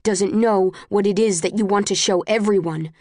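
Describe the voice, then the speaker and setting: A woman's voice: mid-range voice, normal speed, no room sound, natural voice. An earnest, anxious young man who pleads with his sister, his voice sounding close and plain, as a woman reader voices him. It is an audiobook read in a dry, close recording with no room sound. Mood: pleading.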